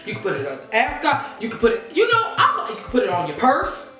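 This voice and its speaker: Young woman, lively swooping pitch, chatty storytime, roomy echo, faint music behind. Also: fast talker. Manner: animated, chatty, addresses viewers as y'all. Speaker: vlogger. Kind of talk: casual storytime vlog.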